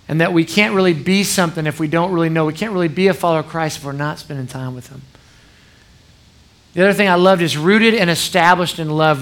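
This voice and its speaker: A man's voice: on the high side, fairly bright tone. A middle-aged man preaching a sermon as pastor, telling stories in a conversational way with frequent asides to the congregation.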